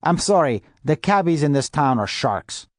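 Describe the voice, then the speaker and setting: A man's voice: on the high side, very animated, moderate pace, dry recording, studio quality. A man voicing a chubby, affable middle-aged male lawyer in an audiobook, chatty and full of apologies, a little wheezy. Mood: apologetic. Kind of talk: audiobook character voice.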